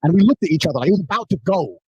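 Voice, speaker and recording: A man telling a story in casual podcast talk, animated, brash and profane. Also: high voice, rapid-fire, slightly rough, no room sound, lo-fi sound.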